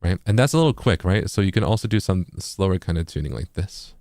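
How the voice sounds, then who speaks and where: A man with a very deep, low voice walks through a tutorial in a casual, explanatory way. He often checks in with "right?" The sound is dry and close, with no room echo. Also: animated, quick pace, darkish tone. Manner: explanatory, keeps asking "right?". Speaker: music producer.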